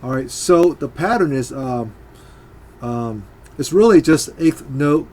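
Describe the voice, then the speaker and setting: Over loud guitar playing that makes the recording very noisy, a man with a mid-range voice teaches a guitar part slowly and animatedly. His casual, hesitant instruction is full of fillers, and he counts beats aloud.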